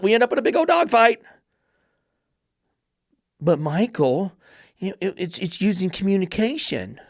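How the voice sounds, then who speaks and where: A man's voice: high voice, no room sound, clean studio sound. A man hosting a podcast about dog training, ranting bluntly and sarcastically, swearing freely as he gets fired up. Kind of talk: podcast rant.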